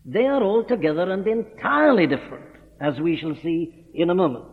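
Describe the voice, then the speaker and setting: A man delivers an earnest expository sermon, leaning hard on key words and repeating them for emphasis. His voice sits fairly high. The recording is old and tinny, with a long echo from a church hall. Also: big pitch swings, a little fast. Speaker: preacher.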